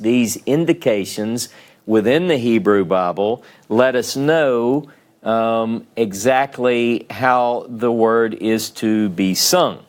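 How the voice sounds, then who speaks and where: Southern man, classroom teacher, slow and methodical, checks in often with the class. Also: medium pitch. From Southern United States. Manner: patient step-by-step explaining, checks in with "okay?" and "right?". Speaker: Hebrew teacher. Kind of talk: classroom lecture.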